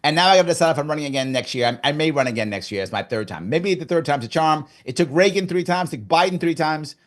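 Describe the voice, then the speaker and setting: A middle-aged man from New York, a guest in a casual interview, telling his story in an animated way and acting out his own past thoughts. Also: a little high, fast. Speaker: guest, former governor candidate.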